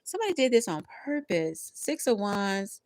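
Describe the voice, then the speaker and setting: A woman doing a live tarot reading, talking in slangy, animated bursts with lots of laughter. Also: mid-range voice, normal speed, slight background noise. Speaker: tarot reader.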